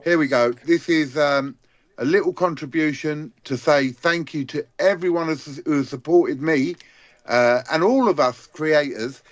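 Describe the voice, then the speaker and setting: A man's voice: on the high side, a little slow, no room sound. Laid-back man, dry close sound. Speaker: guest. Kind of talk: casual chat on a live stream.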